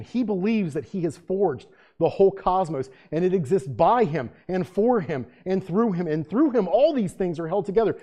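A man preaching a sermon in a conversational way, reading scripture aloud with loud emphasis. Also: a little high. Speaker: pastor.

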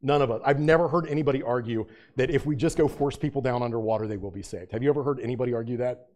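A man's voice: mid-range voice, rapid-fire, darkish tone. A man preaching a sermon as pastor, asking his congregation rhetorical questions and rising to fervent emphasis.

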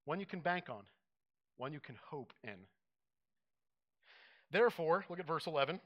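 A man preaching a sermon, conversational and animated, acting out little quotes as he teaches. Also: fairly high pitch, moderate pace, lo-fi sound. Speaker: pastor.

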